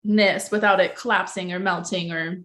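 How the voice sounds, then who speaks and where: A woman's voice: lowish voice, steady tone, moderate pace, fairly bright tone. Chatty woman hosting a livestream. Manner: chatty, gushing food tasting with fillers. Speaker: show host. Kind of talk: casual livestream chat.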